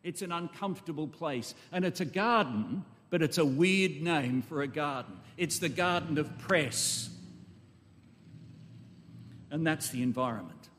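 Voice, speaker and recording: A man's voice: a little high, lively intonation, a little slow, fairly bright tone. A man preaching an expository sermon, emphatic and full of rhetorical questions and asides to his congregation. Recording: long echo of a large hall.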